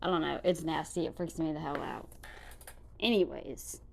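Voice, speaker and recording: Chatty woman vlogger, slightly low voice. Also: normal speed, vocal fry, slight background noise. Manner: chatty, rambling, with frequent fillers like "like". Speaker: reaction vlogger. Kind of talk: casual chat to viewers.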